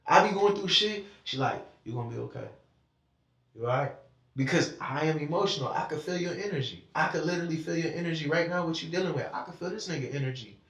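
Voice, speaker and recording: Animated, emotional man in an echoey room. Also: a little high, fast talker, hardly any pauses. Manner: emotional and animated, swears freely, talks in spurts. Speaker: podcast conversation participant. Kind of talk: casual conversation. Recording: echoey room, mic at a distance.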